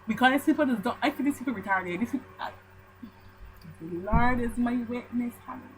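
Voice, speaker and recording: A young woman with a Barbadian accent chats straight to her camera, spinning a story into an animated rant. Her voice sits on the higher side and leaps around. A faint hiss runs under the recording. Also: a little fast, poor audio. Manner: animated storytelling, ranting with mock outrage. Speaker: vlogger. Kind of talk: casual chat to camera.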